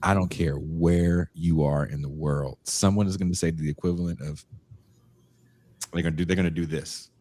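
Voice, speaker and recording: A middle-aged man from the San Francisco Bay Area, hosting a podcast with animated, profane, joking banter. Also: sits low, moderate pace, no room sound. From San Francisco Bay Area, USA. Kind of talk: casual podcast chat.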